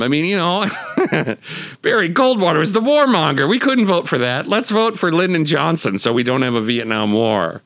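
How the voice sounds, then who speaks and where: A man's voice: on the high side, big pitch swings, normal speed, fairly bright tone, no room sound. A man hosting a podcast of political media commentary, talking in a sarcastic, mocking way. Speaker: podcast host.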